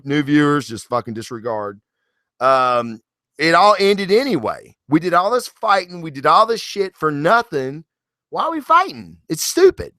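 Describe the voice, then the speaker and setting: Animated, foul-mouthed man reviewing comics. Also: a little high, no echo, clean studio sound. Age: adult, married. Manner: animated, swears freely, acts out characters in quick asides. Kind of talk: casual profane review monologue.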